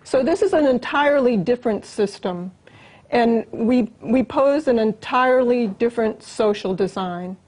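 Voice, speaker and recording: A woman's voice: a little high, lively intonation, moderate pace, darkish tone, rough recording. A woman as an interview guest, talking in an earnest, explanatory way.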